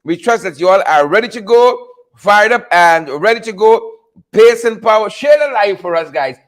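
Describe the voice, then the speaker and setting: A male podcast host greeting viewers by name on a live stream, energetic and hype. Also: high-pitched, moderate pace.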